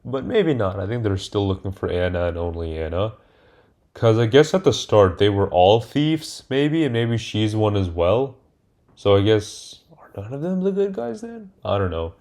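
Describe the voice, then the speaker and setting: A man's voice: fairly low pitch, lively intonation, moderate pace, darkish tone. A man casually recapping a movie's plot as a reviewer, rambling with many fillers and restarts. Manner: rambling, hesitant, many fillers and self-corrections. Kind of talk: casual spoken film recap.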